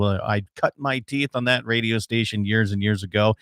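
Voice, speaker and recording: A man from the Dakotas hosting an outdoors radio show, chatting casually before air, then opening with a lively announcer delivery. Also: fairly low pitch, clean tone, dry recording, clean studio sound. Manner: upbeat announcer delivery, reads station list slowly.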